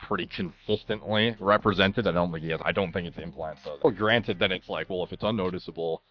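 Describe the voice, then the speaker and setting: A man's voice: low-pitched, brisk. A man chatting on a podcast, hesitant, restarting and saying "like" a lot. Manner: hesitant, full of restarts and likes. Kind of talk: casual podcast talk. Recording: dull lo-fi podcast clip.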